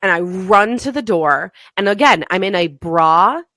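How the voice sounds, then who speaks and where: A woman co-hosting a podcast, telling a story in casual chat, animated and swearing freely. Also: medium pitch, measured pace, no echo, studio quality. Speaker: podcast co-host.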